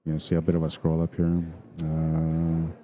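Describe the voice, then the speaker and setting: A man's voice: very deep voice, monotone, normal speed, mellow. A middle-aged man from Manitoba with a Canadian accent, rambling casually as a pool stream commentator and reading viewer comments aloud.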